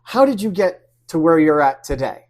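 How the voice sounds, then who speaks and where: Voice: medium pitch, very animated, normal speed, darkish tone. A show host running an interview, reading a scripted welcome and then asking loose, chatty questions. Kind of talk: podcast interview hosting.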